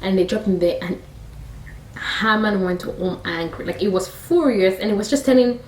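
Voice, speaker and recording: A Nigerian woman retells a Bible story casually and with animation, dropping in chatty, laughing asides. Her voice sits at a middling pitch. The recording sounds roomy, with the mic some way from her. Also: moderate pace, a little mellow, far from the mic, slight background noise. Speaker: faith storyteller, vlogger.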